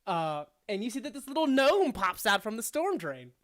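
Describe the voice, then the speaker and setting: A woman's voice: medium pitch, sing-song, normal speed, a bit bright. A woman narrating a tabletop game as game master in a casual, rambling way, full of fillers and frequent laughter.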